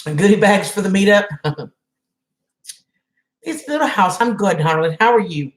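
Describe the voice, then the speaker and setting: A woman hosts a relaxed live stream and chats easily with viewers, calling out their names as she goes. Her voice sits in the middle of the range, and the room around it is echoey. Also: medium pitch, normal speed, long pauses. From Southern United States. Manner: chatty, greets viewers by name, laughs often. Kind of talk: casual chat with live chat viewers.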